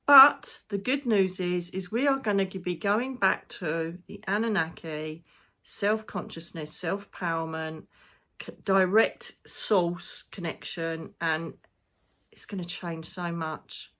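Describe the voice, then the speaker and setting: A woman speaks in a loose, spiritual monologue as a psychic medium. Her voice sits a little low. She rambles and gets emotional, with the odd casual swear. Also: takes it slowly, bright, forceful tone.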